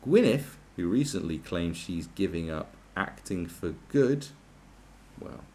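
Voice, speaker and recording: A man's voice: sits low, big pitch swings, slow pace, noisy background. A man on a podcast, ranting crudely and sarcastically with many restarts and mocking asides. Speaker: podcast host. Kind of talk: crude comedic rant.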